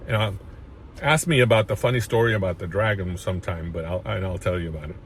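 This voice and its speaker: Man, low pitch, rambling personal storyteller with many restarts and emotional moments, faint noise behind. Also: fast. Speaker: chiropractor sharing his story.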